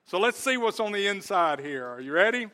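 A male pastor delivers a sermon in church, his voice sitting a little high for a man. He talks earnestly and directly to the congregation, throws questions out to them, and stretches key words slowly for weight. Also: big pitch swings, pushed and bright.

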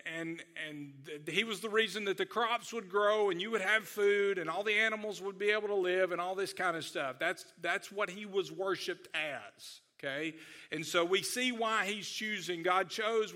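A man preaching a sermon in a conversational teaching manner, often restarting his sentences. His voice sits high and sounds very bright and sharp. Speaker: pastor.

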